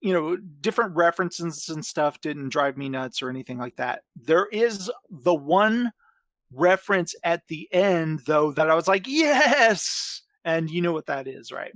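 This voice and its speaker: A man's voice: on the high side, moderate pace, no room sound. A man hosting a podcast, chatting casually and telling stories with enthusiasm. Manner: enthusiastic, animated storytelling. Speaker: podcast host. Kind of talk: casual chat.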